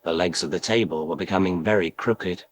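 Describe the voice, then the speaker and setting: A man narrating a classic story as an audiobook, in a measured, dramatic way, doing an impression of a famous film actor. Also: deep voice, a little hiss or hum, rough recording.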